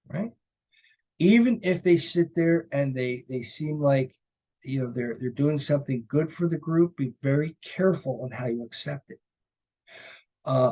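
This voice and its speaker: Husky-voiced man lecturing. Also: mid-range voice, dark tone. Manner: conversational, storytelling, frequent "right?" and "you know". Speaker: college lecturer. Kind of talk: recorded lecture with personal anecdote.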